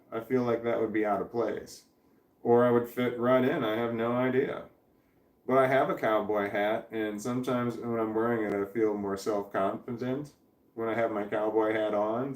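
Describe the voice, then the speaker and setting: Guy rambling on his livestream, keeps restarting sentences, echoey room, mic kinda far. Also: mid-range voice. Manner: rambling, thinks aloud, restarts often. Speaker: livestreamer reading chat. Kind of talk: casual live chat.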